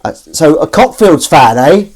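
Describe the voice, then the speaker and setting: Over the clatter of dishes and cutlery, a streamer washes up in his kitchen and chats casually, wandering off topic and reading out comments from viewers. His voice is a little high and darkish, sing-song and a bit slow, with slight hiss or hum.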